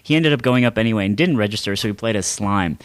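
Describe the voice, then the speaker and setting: A man's voice: lowish voice, animated, quick pace, no echo. A young man hosting a podcast in casual chat, joking and laughing often with casual slang. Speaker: podcast host.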